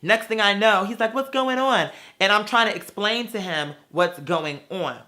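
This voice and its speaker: A man's voice: sits high, moderate pace, sharp tone. An adult man and parent ranting about a stranger, sassy and brash, swearing constantly and calling people girl. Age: adult with children. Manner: theatrical, mocks people in put-on voices. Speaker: vlogger. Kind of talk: profane ranting storytime.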